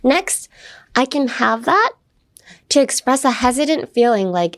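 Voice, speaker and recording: A woman's voice: high voice, animated, measured pace. A young woman hosting a casual English lesson podcast, explaining phrases in a chatty, playful way full of fillers, switching at times into Japanese. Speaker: English teacher host.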